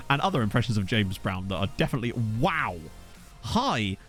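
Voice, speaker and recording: A young man chats casually as he streams a game, cracking jokes and riffing on the names in his chat. His pitch bounces around a lot, and faint music plays underneath. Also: sing-song, fairly quick, a bit bright. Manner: jokey, riffing on viewers' names. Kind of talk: casual gameplay commentary reading chat.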